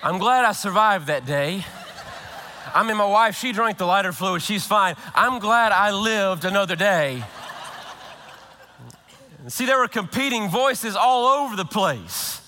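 A man, a pastor, preaching a sermon, praying and telling a humorous story in an animated way with quick restarts. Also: sits high, big-room sound.

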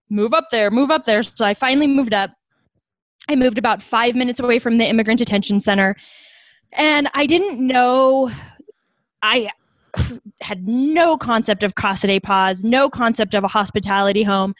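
Here a young nonprofit founder from the United States, her pitch fairly high and with no room sound, recounts stories during a podcast interview. Her tone stays earnest and thoughtful, turning animated as she repeats what others said.

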